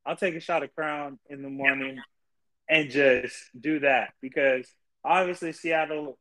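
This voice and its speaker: A young man co-hosting a casual sports podcast, ranting in exasperation and swearing constantly, his pitch jumping high when he gets worked up. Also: steady tone, measured pace, sharp tone, low-quality recording. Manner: profane, exasperated ranting with big pitch jumps. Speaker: podcast co-host.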